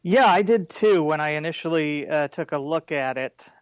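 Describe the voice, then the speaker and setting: A man's voice: a little high, normal speed, clean tone. A man, a video creator, chatting casually as an interview guest and often repeating words while he thinks. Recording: dull dry lo-fi audio.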